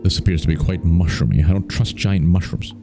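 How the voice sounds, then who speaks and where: A man's voice: low-pitched, a little fast, music in the background. A man hosting a let's play, chatting playfully and reacting aloud to the game. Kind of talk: casual gameplay commentary.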